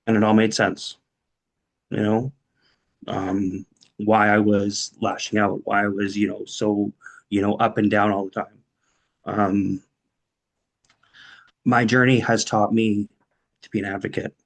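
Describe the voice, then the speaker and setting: A man on a discussion panel with a low voice and flat, even pitch. He shares his personal story haltingly and emotionally, leaning on "you know" as he goes. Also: vocal fry, poor audio. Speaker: panel guest.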